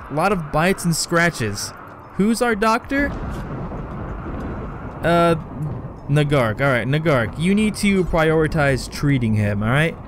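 A man's voice: a little high, a little hiss or hum. A young man commenting on his own gameplay, swearing and scolding the characters in exasperation. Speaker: let's play gamer.

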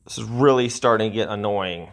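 Hosting his gaming channel, a man with a lowish voice gives frustrated commentary, sighing, ranting, and hurling drawn-out insults at the game.

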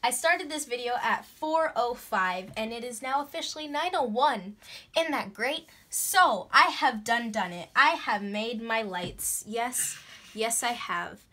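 A young woman chatting through a craft tutorial in a bubbly, excitable way, breaking into gasps and squeals. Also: on the high side, a little slow. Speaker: craft vlogger. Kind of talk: casual DIY tutorial chat.

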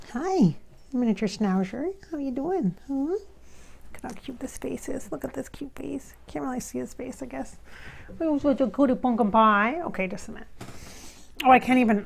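A chatty woman talks straight into her phone from a bedroom nook in a casual, rambling way, and keeps stopping to call her dogs over. Her voice sits a little high, with some faint noise in the background. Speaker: vlogger. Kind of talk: casual home vlog. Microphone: phone camera.

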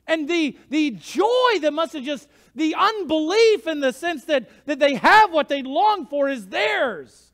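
A man preaching a sermon as pastor, telling the story with swings from hushed to shouting. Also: very high-pitched. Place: church sanctuary. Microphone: livestream church mic.

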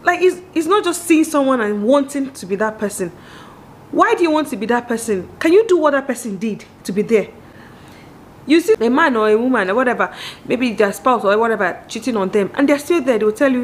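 A woman in her thirties with a Nigerian accent, giving a candid, animated monologue on marriage straight to her viewers and acting out the voices she quotes. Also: on the high side, fast talker, a little hiss or hum. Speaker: vlogger.

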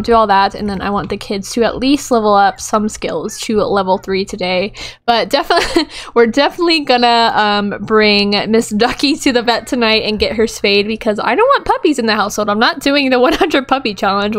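A young woman chatting through a game session with a fairly high voice. She giggles often and talks straight to the characters on screen, and her voice is still a little rough as she gets over a cold. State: recovering from a cold, voice a bit rough. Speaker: gaming YouTuber. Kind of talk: casual gameplay commentary.

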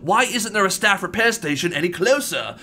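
Toy bear gentleman, played by a man: high, sharp, exclamatory and fussy, a let's-play host in character. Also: animated, brisk, a little hiss or hum. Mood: excited. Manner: exclamatory, fussy, addresses people as sir. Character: polite gentleman toy bear animatronic, tea-loving. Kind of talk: gameplay commentary in character.

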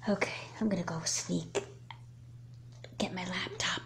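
In a home-made doll movie, a woman voices a young girl hooked on her laptop, speaking in a low-set, natural voice. When she panics, her voice jumps up high and loud. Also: fairly even intonation, normal speed, slight background noise, close to an everyday voice. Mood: sleepy, sneaky.

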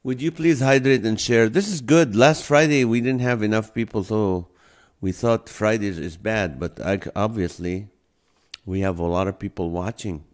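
A man's voice: fairly low pitch, moderate pace. A man hosting a live stream, reading out viewer comments in a playful, easygoing way and laughing often. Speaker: livestream host. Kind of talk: casual live-stream chat. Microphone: phone or camera mic.

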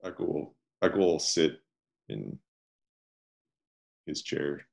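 A man playing a tabletop game who speaks in a halting, hesitant way. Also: very deep voice, expressive, vocal fry. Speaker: player. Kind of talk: tabletop role-play.

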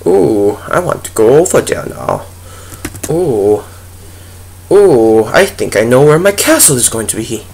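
A man's voice: mid-range voice, very animated, a little slow, creaky, a little mellow, a little hiss or hum. A young man giving goofy, chatty let's play commentary as a gaming video host, talking to the animals in the game. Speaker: gaming YouTuber.

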